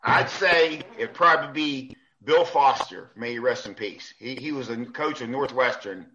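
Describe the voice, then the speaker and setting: A man, a basketball referee, telling a story in a casual, animated way and acting out the people he quotes. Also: medium pitch, moderate pace, highs cut off, background noise. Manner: animated, acts out quoted coaches.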